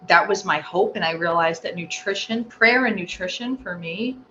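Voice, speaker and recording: Woman guest telling her story, lively, does all the voices, bright tone, bit muffled and hissy. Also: on the low side, normal speed. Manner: animated, acts out quoted voices. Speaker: interview guest. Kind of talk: emotional personal storytelling. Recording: slightly dull audio with faint noise.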